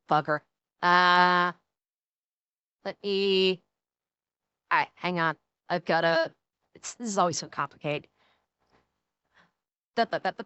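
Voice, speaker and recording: A woman with a Midwestern American accent chats casually as a streamer, laughing often. Her voice is bright and crisp, slightly high, and recorded dry and close. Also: no echo, lo-fi sound.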